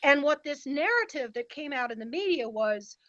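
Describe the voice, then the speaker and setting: A woman's voice: sits high, animated, normal speed, fairly bright tone, dry recording, highs cut off. A woman guest in a casual podcast conversation, talking in an emphatic, indignant way.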